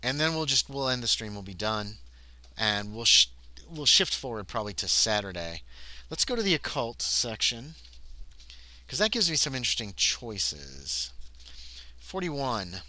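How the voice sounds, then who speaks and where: A man's voice: mid-range voice, sing-song, unhurried, sharp tone, no room sound, low-quality recording. A man livestreaming a solo tabletop game, thinking aloud while he reads rules, rolls dice and answers chat.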